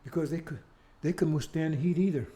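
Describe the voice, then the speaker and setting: A man with a high, mellow voice delivers a preaching monologue. He leans hard on repetition and rhetorical questions and keeps tossing out "See?" to press his point. His speech is emphatic and mocking by turns. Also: fast. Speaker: speaker leading his own show.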